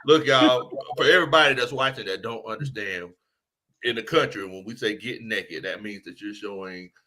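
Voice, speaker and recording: A man co-hosting a casual sports podcast, laughing often and giving shout-outs to viewers. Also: lowish voice, moderate pace. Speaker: co-host.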